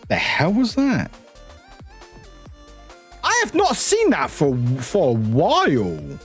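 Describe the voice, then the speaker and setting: A man from the UK, streaming and chatting casually, reading chat aloud, lively and swearing freely. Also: high voice, extremely slow, long pauses, soft background music. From United Kingdom.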